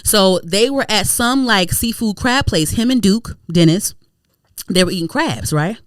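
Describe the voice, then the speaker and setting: A woman from Prince George's County, Maryland, co-hosting a podcast in casual chat, telling stories in an animated, sarcastic, profane way. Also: medium pitch, measured pace, dry recording. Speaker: podcast co-host.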